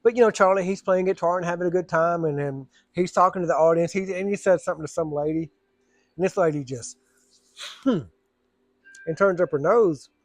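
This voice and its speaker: A man's voice: high-pitched, fairly quick, no room sound. A man, telling a rambling, casual story and acting out the voices of the people in it. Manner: rambling, drawling Southern storyteller, acts out voices. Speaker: storyteller vlogger.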